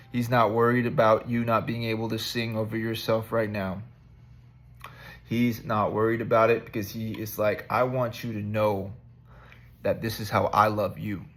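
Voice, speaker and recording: A man giving a rambling, conversational devotional talk to his viewers, joking at himself as he encourages them. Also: fairly low pitch. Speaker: vlogger giving spiritual encouragement.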